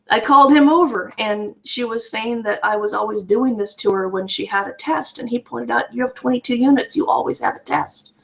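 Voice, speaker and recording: Halting, emotionally raw woman's testimony. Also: fairly high pitch, fairly bright tone. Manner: halting, with frequent restarts and repeated words. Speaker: vlogger sharing a personal story. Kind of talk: candid personal testimony.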